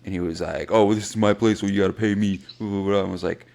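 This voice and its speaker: A man with a low, gravelly voice and plenty of vocal fry, chatting casually as a podcast co-host. He is from South Florida and tells his stories with a profane, animated energy, acting out other people's lines as he goes. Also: fast talker. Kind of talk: casual chat.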